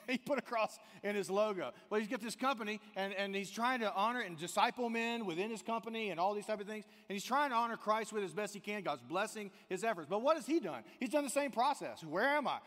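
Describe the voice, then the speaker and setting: A man from the American South preaching a sermon in a church, animated, swinging between loud emphasis and quiet intensity. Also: high voice, fast talker. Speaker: pastor. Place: church sanctuary. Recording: long hall reverb.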